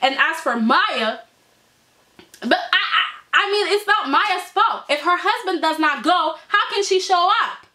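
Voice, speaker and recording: A woman reviewing a soap opera in casual chat, animated and opinionated, with lots of "like" and "I mean". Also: very high-pitched, unhurried.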